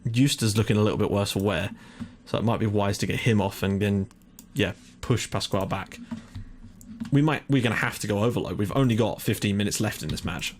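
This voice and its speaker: A young man giving excitable live commentary on his own football management game, thinking aloud and swearing when it goes wrong. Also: fairly low pitch, fairly quick, a little hiss or hum. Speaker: gaming commentator.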